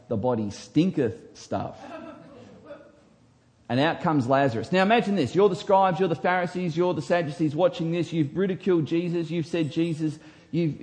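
A man, a pastor, preaching a sermon with emphatic delivery that swings from hushed to loud. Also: on the high side.

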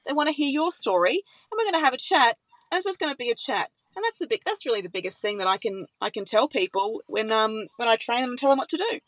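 Enthusiastic woman, high voice. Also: lively intonation, fast, a bit bright, no echo, rough recording. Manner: enthusiastic, emotional. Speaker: radio presenter. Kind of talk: conversational interview.

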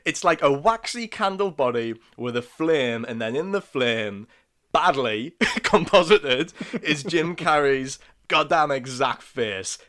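A man co-hosting a casual film podcast, animated and quick to laugh. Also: mid-range voice. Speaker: podcast co-host.

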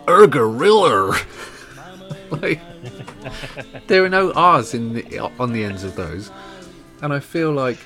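Low-voiced man, wry and lively. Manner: dry, self-mocking, laughs often. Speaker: podcast host. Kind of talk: casual podcast chat.

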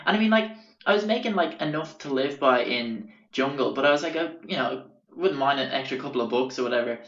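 A man's voice: medium pitch, expressive, fairly quick, fairly bright tone. A young Irish man hosting a podcast, telling stories casually, rambling and swearing with many fillers. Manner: rambling and profane, with many fillers and self-corrections. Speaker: podcast host. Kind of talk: casual storytelling. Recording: roomy, dull lo-fi sound.

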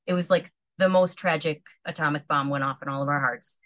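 A woman in her thirties telling a story in casual chat, animated and acting out quotes, with lots of "like" fillers. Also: low-pitched, fairly quick, no room sound. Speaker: podcast guest.

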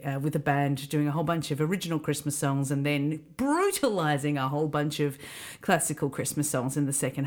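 A woman hosting a podcast, chatting casually with quick asides and easy laughs. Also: low voice, darkish tone. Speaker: podcast host.

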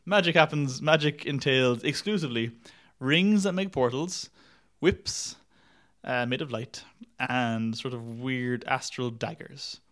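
A man's voice: mid-range voice, measured pace, a bit bright. A man reviewing films in casual chat, rambling and wry, laughing at his own jokes and swearing now and then. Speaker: podcast film reviewer.

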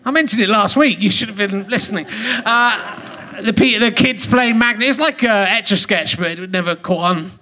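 A man's voice: high voice, moderate pace, hardly any pauses, sharp tone. An English man hosting a live comedy podcast on a theatre stage, teasing and joking with audience members. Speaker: podcast host.

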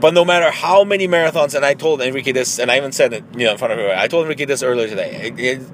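A man's voice: medium pitch, very fast, slight background noise, poor audio. A man, a marathon runner, tells a story in a casual, rambling way, with many fillers and some swearing.

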